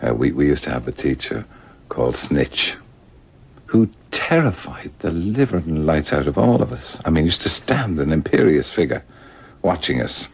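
A man's voice: a bass voice, very animated, normal speed, vocal fry, breathy edge. An older Irish man telling stories in a radio conversation, laughing often and slipping into little voices. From Ireland. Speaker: guest author.

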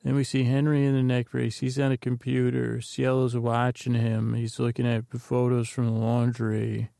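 A man's voice: medium pitch, monotone, moderate pace, gravelly, dark tone, no echo, clean studio sound. A man hosting a podcast, rambling through an episode recap from his notes with meandering asides. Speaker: podcast host.

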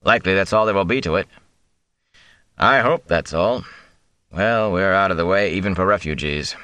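A man reading an audiobook, voicing a stern, firm middle-aged farmer father who speaks in a measured way. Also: low voice, pushed and bright, no room sound. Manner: measured, deliberate, brooks no argument. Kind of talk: audiobook character voice.

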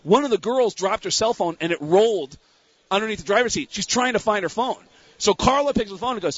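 A man with a high, husky voice tells a rambling story and throws himself into the lines of everyone in it. The sound is dry, with a dull lo-fi quality. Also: no echo. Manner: animated, acts out the other people's lines in quick bursts. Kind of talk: casual storytelling.

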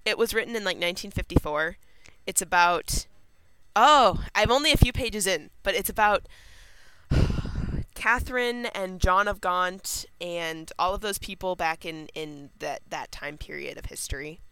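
A woman's voice: lowish voice, a little slow, a bit bright, smooth, poor audio. A young woman with a Minnesotan accent, co-hosting a podcast in an eager, playful way. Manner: enthusiastic, playful. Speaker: podcast co-host. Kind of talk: casual chat.

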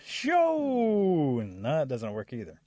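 A man telling a folktale aloud in a lively way, acting out characters with sound effects. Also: on the low side, a little fast, breathy edge, no echo, studio quality. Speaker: storyteller.

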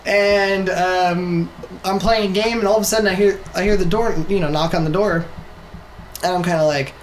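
A man's voice: high-pitched, fairly even intonation, normal speed. A man hosting a podcast, telling a story in casual chat and laughing often as he talks. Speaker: podcast host. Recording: roomy echo, faint noise.

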